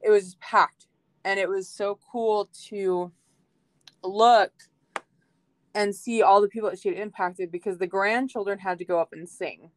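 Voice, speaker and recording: A woman's voice: medium pitch, fairly even intonation, measured pace, dry recording. A young adult woman guesting on a faith podcast, telling a personal story in an emotional, heartfelt way with many fillers. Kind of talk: casual faith podcast chat.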